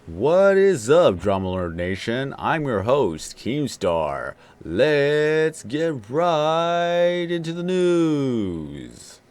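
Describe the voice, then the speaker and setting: A man putting on the voice of an online gossip news host, opening his show in a slow, drawn-out, hyped announcer style. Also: mid-range voice, big pitch swings, a little mellow, clear, resonant tone, pitched above the performer's own voice.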